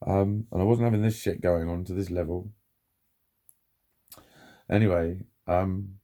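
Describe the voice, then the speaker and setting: A man's voice: low voice, steady tone, unhurried, pauses often, dark tone. A man in his forties, talking in a rambling personal vlog monologue, sweary and chatty, laughing at himself often. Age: 40s. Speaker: vlogger.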